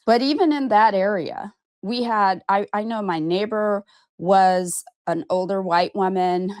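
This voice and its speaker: A woman in her fifties from Arizona, USA, a vlogger and podcast host, speaks frankly and emphatically to camera about her own life in a candid monologue, swearing casually and repeating "okay?". Her voice sits on the low side, and the studio-quality recording has no echo.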